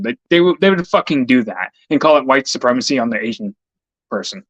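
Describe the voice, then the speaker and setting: A man's voice: medium pitch, a little fast, fairly bright tone, no echo. A man in a casual, heated rant, swearing often and stammering over repeated words. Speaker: vlogger. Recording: dull lo-fi dry recording.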